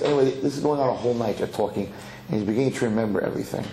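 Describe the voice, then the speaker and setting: A rabbi giving a sermon, telling a parable in an animated storytelling manner with some Yiddish words, in an echoey lecture hall. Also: male voice, mid-range voice, racing, a little hiss or hum. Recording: echoey hall, faint ambience.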